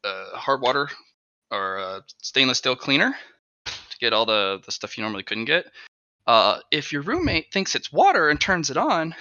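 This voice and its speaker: A man chatting casually at home on an online call, rambling and animated, talking to his dog between stories. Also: mid-range voice, normal speed, dry recording. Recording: dull, dry lo-fi mic.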